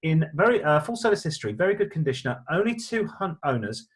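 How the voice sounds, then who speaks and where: A man's voice: fairly high pitch, fast talker. A middle-aged man co-hosting a car show, chatting casually through viewer letters in a jokey, stammering way. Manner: lively, jokey, stammering restarts.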